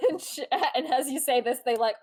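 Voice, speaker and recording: A woman narrates as game master in a chatty, meandering way. Her voice sits fairly high. Fillers pile up and giggles slip in between descriptions. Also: moderate pace, darkish tone, poor audio.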